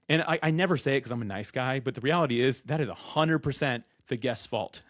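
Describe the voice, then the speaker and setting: A man speaks straight to camera about how to be a good podcast guest. He talks loud and rapid-fire, slipping into quick impressions of guests and hosts. The sound is close and dry, with no room around it. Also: medium pitch, no room sound. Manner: loud and fast, acts out quoted guests and hosts. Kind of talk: energetic direct-to-camera advice talk.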